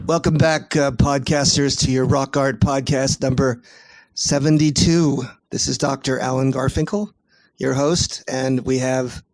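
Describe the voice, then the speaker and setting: A man's voice: a little high, no echo. Enthusiastic man hosting a podcast. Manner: enthusiastic, long rambling questions. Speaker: podcast host. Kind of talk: podcast interview.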